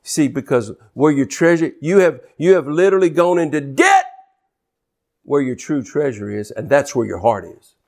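A man's voice: fairly high pitch, big pitch swings, moderate pace, a little mellow. A man preaching a sermon, quoting scripture and calling out to his listeners to stay with him. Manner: exhorting, scripture-quoting, calls out to congregation.

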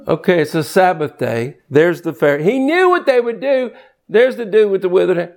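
A man preaching a sermon in an animated, conversational way, reading scripture quickly and jumping sharply in pitch for emphasis. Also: gravelly. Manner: reads scripture aloud quickly.

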